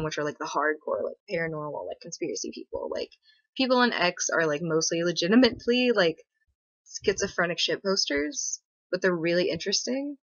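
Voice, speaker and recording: A woman's voice: bright, forceful tone, dry recording. Rambling young woman on a livestream. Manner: rambling, filler-heavy, sarcastic. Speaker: livestream host. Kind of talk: casual livestream chat. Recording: muffled, dry low-fi stream audio.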